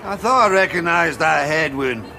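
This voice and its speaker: An actor playing a pompous, condescending middle-aged socialist politician in a TV sitcom. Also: male voice, fairly high pitch, animated, normal speed, vocal fry, sharp tone, exaggerated voice. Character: pompous socialist politician who lost his roots. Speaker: politician character. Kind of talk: TV sitcom acting.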